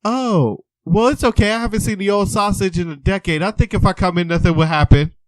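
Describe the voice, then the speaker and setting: A man's voice: fairly quick, no room sound, lightly acted. Man doing a brazen cheeky old lady. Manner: cheeky, shameless, high cracking voice.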